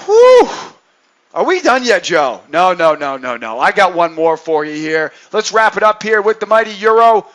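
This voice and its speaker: A man from New England giving energetic chart commentary as a trading coach, often checking in with listeners with "right?" and joking with himself. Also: on the high side. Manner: energetic, keeps asking "right?", jokes with himself.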